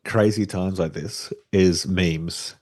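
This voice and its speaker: A man's voice: low-pitched, fairly even intonation, slow, a little mellow, no room sound, clean studio sound. A young man with an Aboriginal Australian English accent, co-hosting a podcast in casual chat, laid-back and rambling with easy laughs. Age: young adult. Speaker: podcast co-host.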